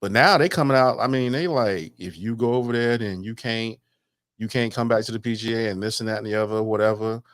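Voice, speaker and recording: A laid-back male podcast co-host with a lowish voice, chatting loosely and cracking jokes. His speech rambles in an easy, casual way. The recording is dry and close. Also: a little fast, dry recording. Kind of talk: casual chat.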